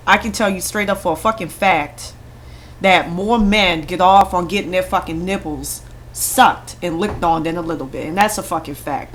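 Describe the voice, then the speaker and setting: A woman's voice: fairly low pitch, a bit bright, a little hiss or hum. A woman vlogger delivering an angry, heavily profane rant straight to camera, blunt and confrontational. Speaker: vlogger responding to critics.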